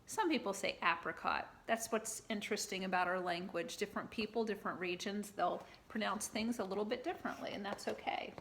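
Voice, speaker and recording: A woman's voice: mid-range voice, a little fast, hardly any pauses, slight background noise. A woman teaching a preschool class at circle time, reading a picture book aloud and leading call-and-response in a sing-song manner.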